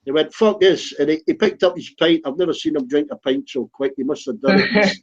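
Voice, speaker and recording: A man's voice: on the high side, fairly quick. A man telling a funny pub story in casual chat, rambling and acting out the quotes. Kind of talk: casual chat, comic anecdote. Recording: dull lo-fi recording.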